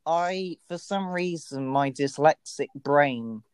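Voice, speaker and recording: A man's voice: a little high, slow, clear, resonant tone. A man co-hosting a podcast who tells stories in casual chat, with a hesitant, rambling delivery. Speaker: podcast co-host.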